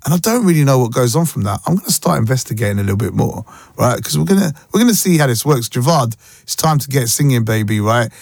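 A man hosting a radio show, chatting casually and telling stories with animated voices. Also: medium pitch, fast talker, gravelly, no echo, clean studio sound. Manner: animated, playful storytelling with voices. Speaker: radio host.

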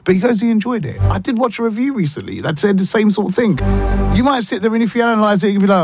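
A man hosts a breakfast radio show, chatting and joking with a slightly high voice. A clear music bed plays under his talk. His delivery is casual, animated banter. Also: quick pace.

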